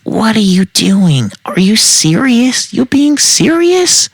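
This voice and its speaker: A woman's voice: very animated, slow pace, creaky, breathy edge, dry recording, heavily acted. A man voicing a shrieking furious woman. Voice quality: shrill and yelling. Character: furious shrieking young woman, hostile and bossy.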